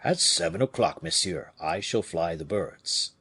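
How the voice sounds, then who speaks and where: Brief: male reader doing a humble falconer in a storybook, deep, hushed and husky. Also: lively intonation, unhurried, dry recording, full character voice. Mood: subdued. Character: humble, regretful royal falconer, man.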